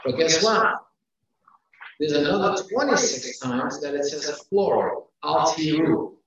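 A man's voice: a little high, lively intonation, a little slow, fairly bright tone, slight background noise. A man teaching a class, counting off numbered points and repeating key phrases for emphasis. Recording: echoey room, far from mic, dull sound.

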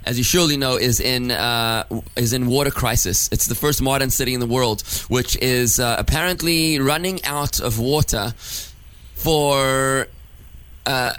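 A man's voice: mid-range voice, a little slow, a bit bright, clean tone. A man from South Africa hosts a radio interview as a rabbi. He asks eager, rambling questions and often circles back to restart his sentences.

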